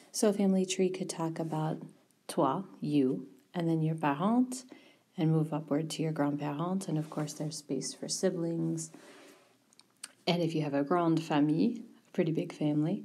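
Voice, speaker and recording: A woman teaching a French vocabulary lesson, mixing English explanations with slow, carefully pronounced French words. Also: low voice, mellow, breathy edge.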